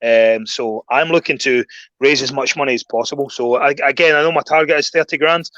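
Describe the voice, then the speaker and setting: Scottish man, bright tone, lively ranting storyteller in a casual podcast chat. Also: mid-range voice, brisk, dry recording, muffled recording. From Scotland. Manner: animated storyteller, voice jumps up when ranting. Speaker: guest.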